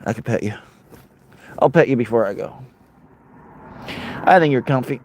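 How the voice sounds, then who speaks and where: A man's voice: mid-range voice, expressive, normal speed, a little mellow. A man livestreaming casually on a road trip, rambling, reading chat aloud and talking to his dog. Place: outdoors and in a car on a road trip.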